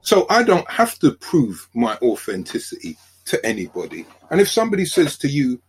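An older man with a South London accent, a sociologist guest on a podcast, telling lively stories and acting out quoted dialogue. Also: fairly high pitch, normal speed, few pauses, breathy edge. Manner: animated storyteller, acts out quoted dialogue. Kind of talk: conversational podcast interview.

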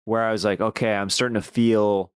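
A man's voice: fairly low pitch, steady tone, smooth, no room sound, clean studio sound. Easygoing man asking questions. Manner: easygoing, asks questions, quick to laugh along. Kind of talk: casual podcast interview.

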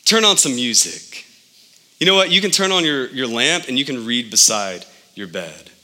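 A man in his thirties preaching a sermon as pastor, animated, with his pitch jumping up for emphasis. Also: moderate pace.

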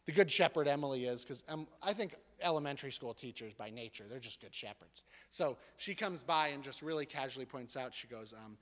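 A man preaching a sermon as a pastor, telling funny personal stories in an animated, joking way. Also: medium pitch, fairly quick, few pauses, long reverb tail.

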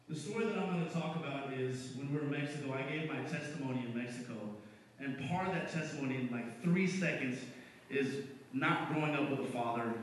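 A man's voice: mid-range voice, a little hiss or hum. A man giving an emotional, earnest church testimony, calling himself a crier. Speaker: mission trip leader sharing testimony. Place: church sanctuary. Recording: long church hall reverb.

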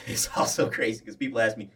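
A young man in casual conversation, telling animated, rambling stories with many restarts and fillers. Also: on the low side, fairly quick, distant mic. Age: young adult. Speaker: interviewee. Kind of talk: casual storytelling chat.

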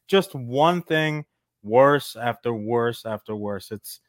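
A man's voice: medium pitch, lively intonation, slow pace, dry recording. A middle-aged man co-hosting a podcast, riffing and joking in casual chat over a remote call. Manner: joking, riffing with silly voices. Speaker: podcast co-host.

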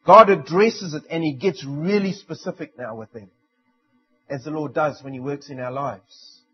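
Husky-voiced preacher with dramatic swings. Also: male voice, a little high, moderate pace. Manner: dramatic preaching with sudden drops to near-quiet. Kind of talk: sermon. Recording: dull lo-fi sound.

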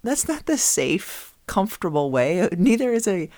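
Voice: mid-range voice, big pitch swings, moderate pace, a little mellow, no room sound, clean studio sound. A co-host in a casual chat who teases their partner and laughs while talking. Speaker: podcast co-host.

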